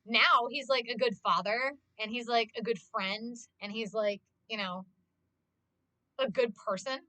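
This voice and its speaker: A young woman livestreamer chatting casually with her viewers, gushing and fast, with lots of "like". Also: fairly high pitch, bright, forceful tone, no room sound. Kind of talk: casual chat to stream viewers.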